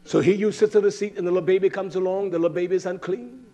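A man with a notably high-pitched voice delivers a sermon. He reads scripture and then scolds his listeners bluntly. His volume swings from loud outbursts to low mutters. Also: steady tone, rapid-fire. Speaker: preacher.

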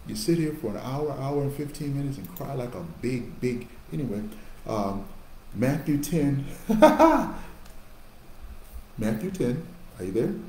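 An animated male pastor teaching from scripture, calling out to his congregation and then dropping into low asides. His voice is mellow and warm. The recording sounds roomy and echoey, with a faint hiss underneath. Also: normal speed. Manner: animated, swings between loud exhortation and low asides. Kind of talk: sermon teaching.

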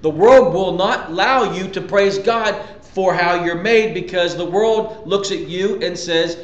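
A man's voice: sits high, a little slow, hardly any pauses, echoey room, highs cut off. A man preaching a sermon as a pastor, talking conversationally with emphatic repetitions and rhetorical questions to his listeners.

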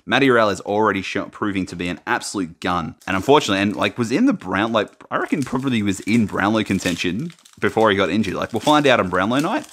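A man with a fairly low voice, chatting casually while he opens trading card packs. He reads player names off the cards in a relaxed way. When something rare comes out, his voice jumps high and loud with excitement. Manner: excitable, talks while sorting cards, bursts into high shouts over big pulls. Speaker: card-opening YouTuber. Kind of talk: casual unboxing commentary.

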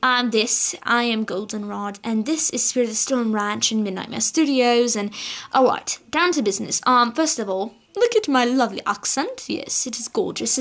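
Young woman vlogger, slightly high voice, chatty and rambling. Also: fairly bright tone. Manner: bubbly, rambling, many fillers. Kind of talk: casual chatty vlog.

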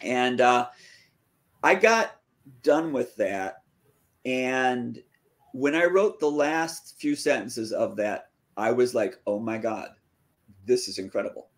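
A man, a fantasy author, casually telling the story of his writing career in an interview, acting out quoted dialogue with lively jumps in pitch. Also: slow pace.

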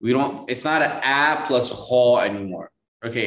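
A man teaching Quran reading one-on-one, patiently correcting pronunciation and slowly modeling each sound. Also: medium pitch, fairly bright tone, roomy sound.

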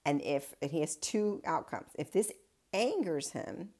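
A woman's voice: low-pitched, expressive, measured pace, darkish tone. A woman pastor giving a casual daily Bible reflection, retelling the story in a chatty way with wry asides.

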